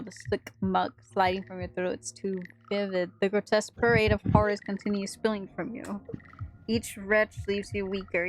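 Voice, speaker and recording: A woman's voice: medium pitch, slight background noise, rough recording. A woman reading a horror visual novel aloud for a gaming video, with dramatic narration and reactions.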